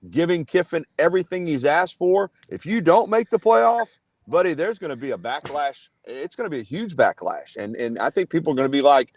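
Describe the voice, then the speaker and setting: A man's voice: a little high, no echo. Earnest man, dry close sound. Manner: earnest, filler-heavy analysis. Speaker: guest analyst. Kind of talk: casual sports talk.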